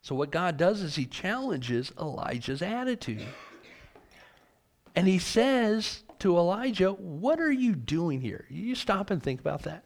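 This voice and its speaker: Man, preacher, sermon, high-pitched, earnest, rhetorical questions. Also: big pitch swings, measured pace. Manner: earnest, rhetorical questions, reads scripture aloud.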